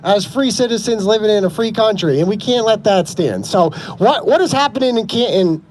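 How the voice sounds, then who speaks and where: A man's voice: high voice, lively intonation, fairly quick, a little hiss or hum. A man giving an impassioned, sarcastic speech at an outdoor street protest. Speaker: protest speaker.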